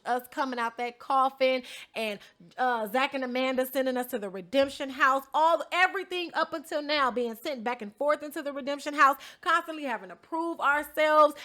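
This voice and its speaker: A woman's voice: high-pitched, pushed and bright. A young woman vlogging, telling a story in a sassy, blunt, profane way and talking straight to her viewers. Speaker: vlogger recapping a reality show she competed on. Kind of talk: animated storytelling vlog.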